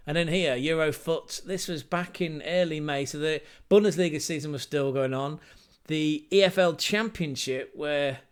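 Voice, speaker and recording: A man hosting a football channel, talking in a casual, jokey and animated way with quick asides. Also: a little high, clean tone. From England. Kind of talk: casual commentary.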